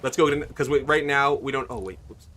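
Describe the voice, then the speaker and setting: A male livestreamer plays a video game and rambles casually, asking viewers what they think. His mid-range voice is bright and pushed, fairly quick, with slight background noise.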